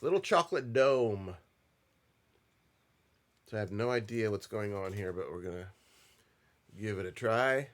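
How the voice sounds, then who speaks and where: A man's voice: fairly low pitch, a little slow, pauses often. Easygoing man tasting snacks. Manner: relaxed, thinking aloud while eating. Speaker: co-host. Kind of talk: casual snack-tasting chat.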